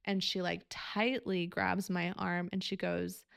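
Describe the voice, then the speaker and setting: Young woman podcast host, candid and emotional, swears freely, some vocal fry, dry close recording. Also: on the low side, steady tone, unhurried, pauses often, fairly bright tone, dry recording. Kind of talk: personal storytelling.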